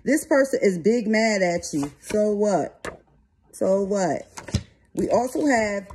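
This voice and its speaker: Woman tarot reader, warm low-toned voice, casual and cussing, drawls some lines and rushes others. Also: lively intonation, a little hiss or hum. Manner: blunt, streetwise, swears freely. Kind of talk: tarot reading and card commentary.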